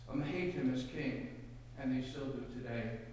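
A man preaching a sermon as a pastor, telling a parable with dramatic, loud punches on quoted lines. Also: mid-range voice, moderate pace, a little hiss or hum. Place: church. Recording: echoey hall, mic at a distance.

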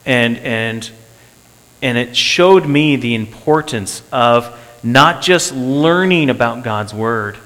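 A man's voice: mid-range voice, takes it slowly, fairly bright tone. A man preaching and telling of a church meeting, earnest, repeating phrases for emphasis. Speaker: pastor. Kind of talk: sermon testimony. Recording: long hall reverb.

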